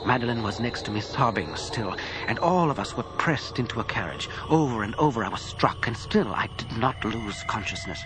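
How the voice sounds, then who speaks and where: A man narrating an audiobook in the first person with an expressive reading. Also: fairly low pitch, fairly quick, hardly any pauses, background noise.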